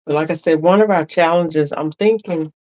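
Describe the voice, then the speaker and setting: A woman's voice: deep voice, moderate pace, a little mellow, no echo. A woman hosting a casual sewing live stream who chats and laughs with her viewers, speaking. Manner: chatty, laughing, talks to viewers directly.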